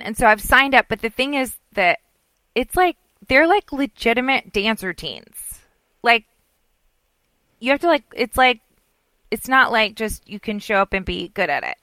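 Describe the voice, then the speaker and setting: Woman, middle-aged, chatty, rambling storyteller, bright forceful tone, dry close sound. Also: fairly high pitch, animated, moderate pace, dry recording. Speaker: podcast co-host. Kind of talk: casual chat.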